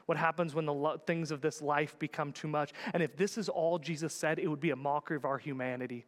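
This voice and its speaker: A man preaching a sermon as a pastor, swinging between loud urgent calls and hushed quiet words. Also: on the high side, steady tone, fast, big-room sound.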